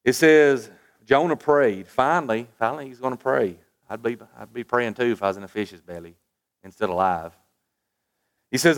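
Speaking at normal speed in a mid-range voice, a preacher delivers a sermon to his congregation. Scripture readings build in emphasis before he slips into quieter asides, and he puts rhetorical questions to his listeners.

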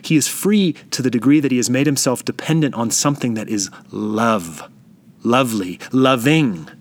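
A man preaching a sermon, reflective and emphatic, slowing down to stress key phrases. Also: medium pitch.

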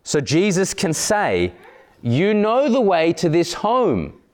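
A man preaching a sermon in a church, earnest, slowing down on emphatic phrases. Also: high voice, huge pitch swings. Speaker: pastor.

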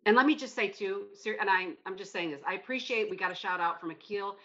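A middle-aged American woman co-hosting a podcast, talking in an emphatic, animated way and often cutting herself off. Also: medium pitch, quick pace. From United States. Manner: emphatic and animated, self-interrupting. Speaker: podcast co-host. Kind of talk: casual discussion. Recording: slightly muffled lo-fi mic.

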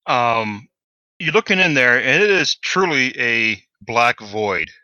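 Man, game master, halting delivery with fillers, very bright tone, dull lo-fi sound. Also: medium pitch, lively intonation, no echo. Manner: hesitant, many fillers. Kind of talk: narrating a tabletop game.

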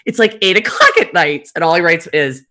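A woman in her fifties hosting a podcast, telling stories in a lively, profane, joking way. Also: fairly low pitch, fairly quick. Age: 50s. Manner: animated, profane, laughing storyteller. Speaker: podcast host. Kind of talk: casual storytelling chat.

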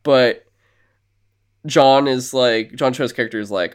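A man talks through a film's story in relaxed podcast conversation, his voice sitting at an ordinary middle pitch. He rambles, swears freely and keeps slipping into the characters' dialogue as he retells it. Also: unhurried, long pauses, clear, resonant tone. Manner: rambling, profane, acts out characters' lines. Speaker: podcast co-host. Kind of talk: casual film recap chat.

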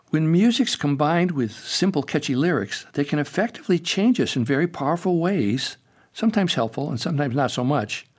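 Earnest older man explaining songs. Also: on the high side. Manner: earnest, explanatory, gently preachy. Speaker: host and children's songwriter. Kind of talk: reflective spoken commentary.

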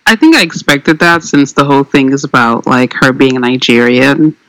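Opinionated man with a crisp, dry voice. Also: medium pitch, normal speed, dry recording, poor audio. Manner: opinionated, animated, frequent "um" and "like". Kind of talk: casual chat.

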